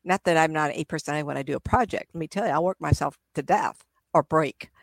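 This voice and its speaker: A woman's voice: deep voice, fast, creaky, no room sound. A middle-aged woman, a psychic medium, chatting in an interview and acting out spirits with gasps and laughs. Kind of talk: casual interview talk.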